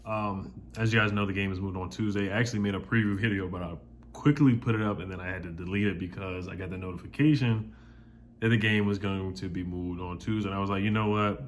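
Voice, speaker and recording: A man's voice: low-pitched, fairly even intonation, fast, a little hiss or hum. A young man hosting a casual sports vlog, fired up and mocking rival fans, often repeating himself. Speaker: sports channel host.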